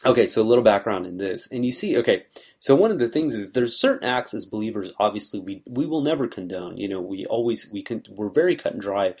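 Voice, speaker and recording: A man's voice: fairly low pitch, lively intonation, fast, darkish tone, slightly rough. A man giving an earnest, conversational talk on scripture, explaining things in a loose, searching way. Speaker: religious speaker.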